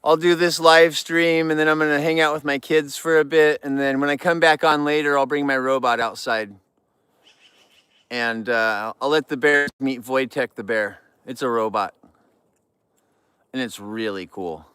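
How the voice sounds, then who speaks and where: A man's voice: fairly high pitch, fairly even intonation, normal speed, pushed and bright, clear, resonant tone, no room sound. A middle-aged man chatting casually on an outdoor live stream, repeating himself for emphasis. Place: outdoors near a barn.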